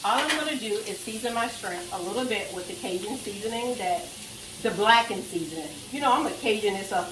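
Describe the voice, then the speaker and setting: A woman talks through a recipe at her stove in a chatty, rambling way, often correcting herself mid-sentence. Her voice is middle-pitched and sits back from the camera in a room with a lot of echo. Food fries and sizzles faintly behind her. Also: lively intonation, a little fast, distant mic, noisy background. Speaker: cooking vlogger. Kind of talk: casual cooking vlog. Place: home kitchen, cooking at the stove.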